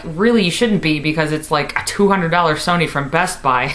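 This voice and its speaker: A woman in her twenties from Missouri, telling a comic story to the camera in her apartment, bubbly and animated, full of "like". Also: low-pitched, moderate pace. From Missouri, USA. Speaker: comedy vlogger. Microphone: camera in her room.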